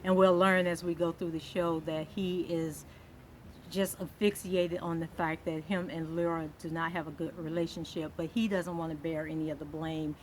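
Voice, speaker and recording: Woman vlogger with a slightly low voice doing a relaxed chatty TV recap, light background hiss. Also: moderate pace, low-quality recording. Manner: conversational, many "um" fillers, reads quotes aloud. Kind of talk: casual recap commentary.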